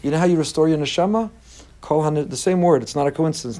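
A man teaching a Torah lesson, earnest and repetitive, swinging between emphatic lists and quiet asides. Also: fairly high pitch, quick pace. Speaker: rabbi teaching a class.

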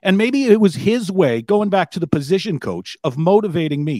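A man's voice: sits high, very animated, moderate pace, hardly any pauses, darkish tone, dry recording, clean studio sound. A man, a broadcaster and former player, telling heartfelt memories on a podcast with his voice catching as he fights tears. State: near tears. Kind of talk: emotional podcast tribute.

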